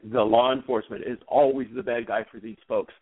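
A man's voice: mid-range voice, fairly quick, dry recording. Man explaining on a tinny phone line. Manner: animated, acts out example dialogue. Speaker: guest trauma expert. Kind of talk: explanatory interview talk.

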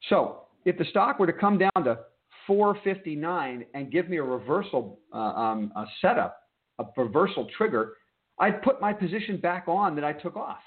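A man's voice: a little high, expressive, normal speed. Emphatic man teaching trading, phone-like audio. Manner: emphatic, checks in with "okay?". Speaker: trading desk host. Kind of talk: market commentary lesson.

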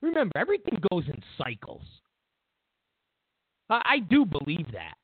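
A husky, high-sitting male voice at a moderate pace belongs to the host of a political commentary show. He's emphatic and animated, peppering his mocking monologue with asides, and the dry, tinny phone-like audio has no echo.

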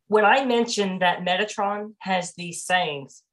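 A woman hosting a spiritual talk show, chatting casually and telling animated stories with frequent laughter. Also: mid-range voice, slow. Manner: animated storyteller, laughs often. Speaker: host. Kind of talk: casual chat.

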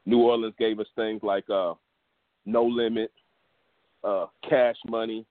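Gulf Coast man as co-host, blunt and animated, dry phone audio. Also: fairly low pitch, a little slow, no room sound, phone-quality sound. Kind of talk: casual sports talk.

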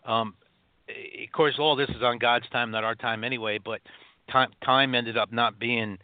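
A man from upstate New York telling his own story as a guest, halting, with many restarts and fillers, over a phone line. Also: medium pitch, fairly even intonation, no echo. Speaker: guest author.

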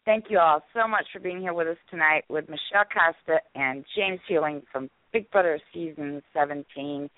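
Chatty laid-back guy co-hosting, fairly high voice, thin dry phone line. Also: normal speed, few pauses, no room sound. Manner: easygoing, laughs often, chatty. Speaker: show co-host. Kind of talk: casual chat.

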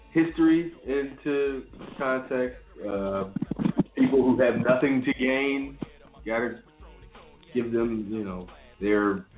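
Man ranting casually over an echoey, phone-like line. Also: medium pitch. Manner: rambling, profane, restarts often. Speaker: podcast co-host. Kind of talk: casual chat.

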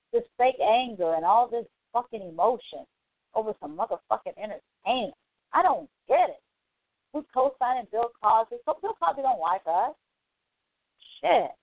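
A woman's voice: medium pitch, vocal fry, no room sound. A woman hosting a call-in talk show, ranting casually with exasperated, profane repetition and reading listener comments aloud. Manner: exasperated, profane, repeats herself. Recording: tinny phone line, dry.

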